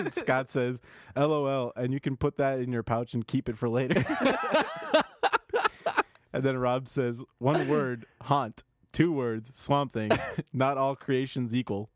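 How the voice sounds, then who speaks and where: A man in a relaxed podcast chat, reading out messages one after another and chuckling between them. His voice sits in a middle range and is recorded close and dry, with no room sound at all. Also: medium pitch, slow, no room sound. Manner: reads tweets aloud with frequent laughs and restarts. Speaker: podcast co-host reading news. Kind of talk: casual chat.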